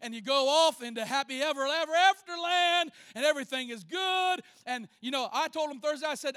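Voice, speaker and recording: A man's voice: very high-pitched, fairly quick, no echo, clean studio sound. A man preaching a sermon as pastor, telling folksy stories and calling out to the congregation. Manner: folksy, animated storytelling, calls out to the congregation.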